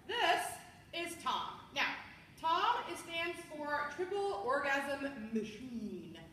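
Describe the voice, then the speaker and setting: Woman, party sales presenter, bubbly and animated, bright tone, echoey room from far off. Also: fairly high pitch, a little hiss or hum. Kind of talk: product demonstration to a group.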